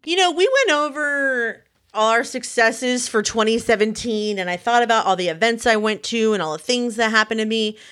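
This podcast co-host, a woman in her early forties, has a fairly high, clear, resonant voice and keeps a moderate pace. In a casual chat she tells stories with gusto, acting out the quotes.

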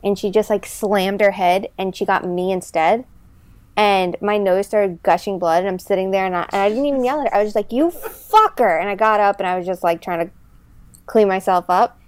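A woman in casual podcast chat, telling stories in an animated, chatty way with many fillers. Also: medium pitch, fairly quick, clean tone.

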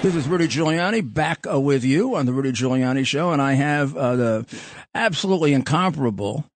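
A man's voice: mid-range voice, lively intonation, fairly quick, no echo. A man hosting a political talk show, talking bluntly and rambling, with frequent restarts. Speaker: podcast host.

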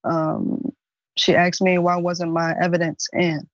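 A woman answering interview questions hesitantly, with many pauses and ums. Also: lowish voice, flat delivery, no room sound, dull audio. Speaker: interview guest.

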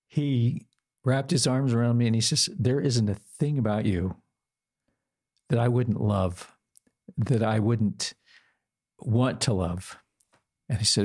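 An older man shares a personal story, his voice sitting slightly low. He speaks haltingly, with plenty of fillers and restarts, and plays out both sides of the remembered dialogue. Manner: quotes himself and his partner in dialogue.

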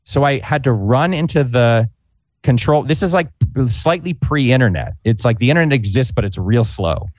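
A man in his forties telling an anecdote in animated, casual podcast chat, peppered with fillers. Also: mid-range voice, no room sound. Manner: animated, fast-paced anecdote with frequent "like" fillers. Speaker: podcast guest, former comedy writer. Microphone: podcast microphone.

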